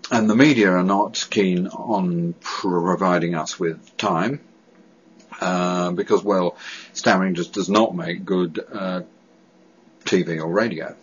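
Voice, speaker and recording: Low-voiced guy with a stammer talking seriously to camera, lots of restarts, kinda muffled lo-fi sound. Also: fairly even intonation, slow, a little hiss or hum. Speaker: person who stammers giving a personal testimony. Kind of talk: earnest personal statement to camera. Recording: dull, lo-fi recording.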